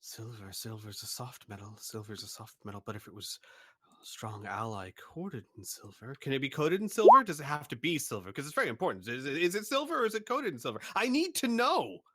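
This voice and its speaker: A man's voice: a little high, big pitch swings, takes it slowly, bright, forceful tone, slightly rough, no room sound, full character voice. A man voicing a scatterbrained, fussy shopkeeper who mutters and repeats himself in a tabletop game.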